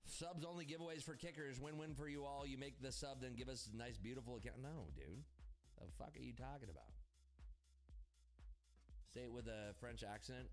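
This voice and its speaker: A man's voice: mid-range voice, steady tone, fairly quick, soft background music. A young man livestreaming his trading, talking casually and crudely with hyped asides to his chat.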